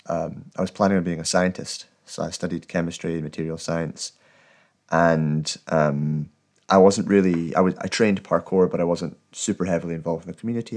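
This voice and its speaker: A Scottish man in his thirties, a guest talking in a thoughtful, articulate and steady way in a casual interview. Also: sits low, normal speed. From Scotland. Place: at home.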